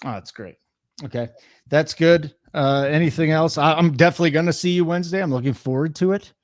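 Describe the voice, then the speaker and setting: A man in his forties co-hosting a sports betting show, trading crude deadpan jokes in casual chat. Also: fairly high pitch, brisk, no room sound, clean studio sound. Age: 40s.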